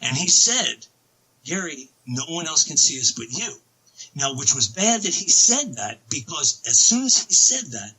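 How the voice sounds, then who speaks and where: A man telling a long story as a podcast guest, excitable and rambling, with many restarts. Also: on the high side, breathy edge, low-quality recording. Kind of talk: casual storytelling.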